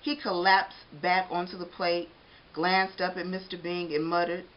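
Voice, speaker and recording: A woman reading a picture book aloud in an expressive, animated way. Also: on the low side, unhurried, slight background noise. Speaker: storybook reader. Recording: dull lo-fi recording.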